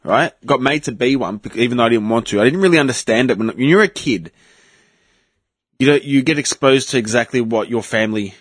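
A man's voice: medium pitch, fairly quick, fairly bright tone, dry recording. A man, a podcast co-host, chatting in a laid-back way and swearing casually. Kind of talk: casual chat.

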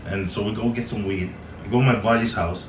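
A young man from Canada with a slightly low voice rambles through stories in a loose, profane, chuckling way. He sits away from the mic in a roomy space with steady background noise. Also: a little fast. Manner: laid-back, swearing, lots of "like" and "man", laughs often. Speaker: guest telling stories. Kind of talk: casual storytelling chat. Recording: echoey room, mic at a distance, noisy.

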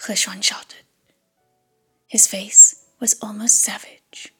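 A woman narrating an audiobook in a hushed whisper. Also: mid-range voice, steady tone, a little slow, breathy edge, faint music behind.

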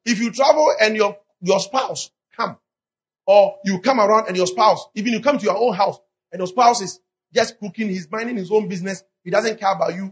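A man preaching a fervent sermon in short phrases, pausing after each one for an interpreter. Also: high voice, husky. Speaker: pastor.

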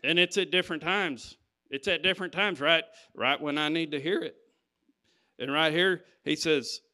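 Bright, clear-voiced man preaching. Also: on the high side, moderate pace. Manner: emphatic, conversational preaching with scripture readings. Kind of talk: sermon.

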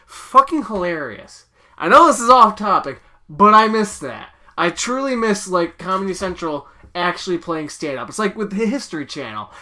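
A man's voice: high-pitched, very animated, normal speed, pushed and bright. A man in his thirties co-hosting a casual movie chat, rambling with lots of "like" and some swearing. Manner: rambling, heavy on "like", swears, acts out quotes. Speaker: podcast co-host.

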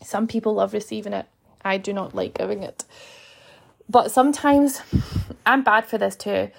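A woman's voice: medium pitch, steady tone, normal speed, gravelly, a little hiss or hum. A young woman, a fitness coach hosting her own podcast, talking earnestly to listeners and acting out little inner voices. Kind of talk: motivational podcast monologue.

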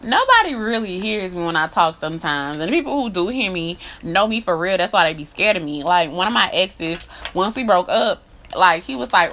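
A woman's voice: lowish voice, big pitch swings, brisk, bright, forceful tone. A woman talking bluntly in a candid monologue, swearing often, repeating herself and building into heated rants. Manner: profane, blunt and repetitive.

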